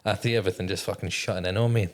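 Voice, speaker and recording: A low-pitched man tells a candid story as a podcast guest. He swears nearly every sentence and acts out what he thought at the time. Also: steady tone, rapid-fire. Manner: profane, swears constantly, quotes his own thoughts. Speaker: podcast guest, former navy technician.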